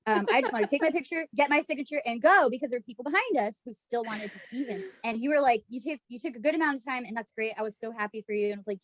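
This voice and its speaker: A podcast co-host chats casually in a slightly high, fairly bright voice, telling stories very fast with hardly any pauses. She's animated and laughs often, acting out the lines she said back then.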